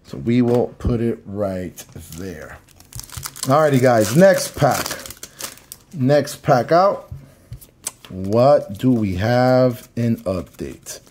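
A man from Miami opening trading card packs on camera, talking casually to his viewers and repeating his words when excited. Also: medium pitch, drawn-out words, slight background noise. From Miami, Florida. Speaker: card collector. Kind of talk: casual pack-opening commentary.

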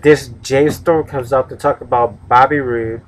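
A man's voice: mid-range voice, fairly even intonation, measured pace. A man giving a casual, rambling review of a wrestling show, with many restarts and fillers.

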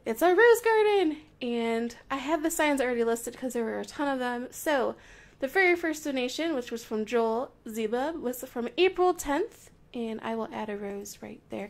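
A young woman with a high, light voice talks through her game in casual commentary. She is bubbly and playful, gushing warmly, and jumps between excited squeals and soft, murmured asides. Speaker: Minecraft video creator.

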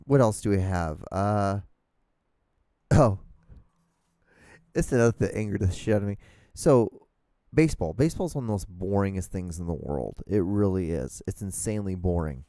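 A man's voice: on the low side, expressive, moderate pace, long pauses, dark tone, no room sound, studio quality. A man hosting his own podcast, ranting casually and profanely into a microphone with an exasperated tone. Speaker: podcast host. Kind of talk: casual solo rambling rant. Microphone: studio microphone, talking to camera.

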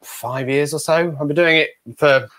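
A young English man in his twenties, a ventriloquist guest telling lively stories in a casual interview and acting out the voices in them. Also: a little high, moderate pace. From England. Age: 20s. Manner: animated storyteller who acts out quotes.

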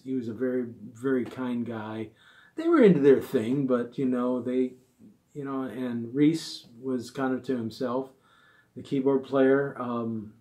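A middle-aged man tells a casual, rambling story about his band's early days, in a voice that sits at an ordinary middle pitch. He drifts through fond asides and quotes other people along the way. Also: dark tone. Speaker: musician telling a gig story.

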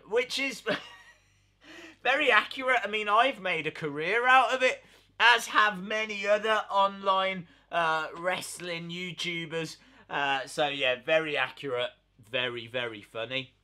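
Bright, high-voiced amused male YouTuber. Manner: amused, often laughing. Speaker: wrestling YouTuber. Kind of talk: casual video commentary.

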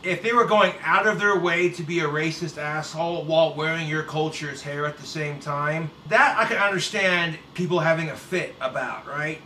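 A man's voice: a little high, moderate pace, few pauses, sharp tone. A man giving a blunt, profane, sarcastic reaction rant to his YouTube viewers. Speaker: YouTube commentator. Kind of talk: ranting reaction commentary. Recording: roomy echo, set back from the mic, faint hiss.

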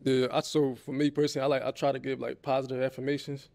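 A man on a dating show talks in a low, slightly mumbled voice. He is laid-back and casual, and he is from Philadelphia. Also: flat delivery, fast talker, vocal fry, darkish tone. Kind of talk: casual conversation.

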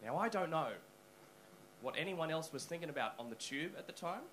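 A male stand-up comedian telling a story on a comedy club stage, animated and swearing freely, into a handheld mic. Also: fairly high pitch, a little fast, slight background noise, low-quality recording.

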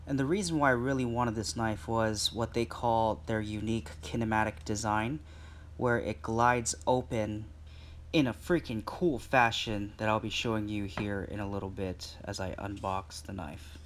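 A man's voice: on the low side, fairly even intonation, moderate pace, slight background noise. A man in a casual vlog, chatting to his viewers with lots of fillers while he unboxes something at home. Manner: chatty, filler-heavy, addresses viewers directly. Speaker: vlogger.

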